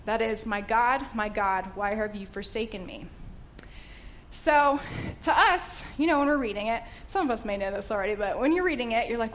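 A woman's voice: sits high, lively intonation, normal speed, a bit bright, a little hiss or hum. A woman teaching a casual Bible study in a chatty, enthusiastic way, with fillers and laughter.

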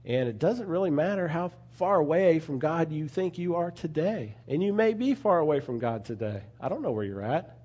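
A man's voice: on the high side, big pitch swings, normal speed, few pauses, darkish tone. A man preaching a sermon in an earnest, conversational way, often adding asides to his listeners.

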